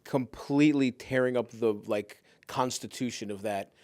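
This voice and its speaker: A man talking casually as a podcast guest, excitable and profane, full of fillers and quick restarts. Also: mid-range voice.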